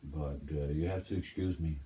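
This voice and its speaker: A man casually chatting while unboxing a vinyl record, rambling and correcting himself in a slow drawl, a little high. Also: steady tone, mellow. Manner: rambling, stop-start, self-correcting. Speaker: music reaction vlogger.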